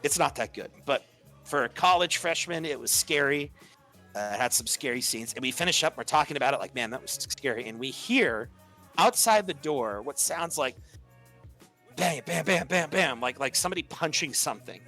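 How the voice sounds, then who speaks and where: Bright-voiced young man telling a story. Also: fairly high pitch, animated, a little fast, faint music behind. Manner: chatty, heavy use of "like", acts out quoted lines. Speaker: podcast storyteller. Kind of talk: casual storytelling.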